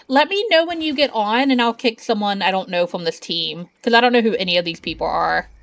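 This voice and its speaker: A woman's voice: medium pitch, animated, creaky, a bit bright. Chatty woman streaming a game. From Southern United States. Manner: chatty and laughs often; talks slowly. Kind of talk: casual live-stream chat while gaming.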